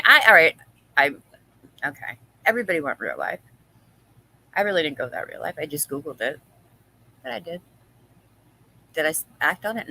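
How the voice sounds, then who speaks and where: A woman's voice: mid-range voice, bright, forceful tone, poor audio. A woman hosting a casual live-stream chat, gossiping, laughing often and reading viewers' comments aloud.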